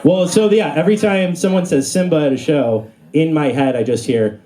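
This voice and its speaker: A young man performs stand-up on a comedy club stage before a live audience, his voice a little high and his pace moderate. He rambles casually, leaning on plenty of fillers, and the live room carries audible noise.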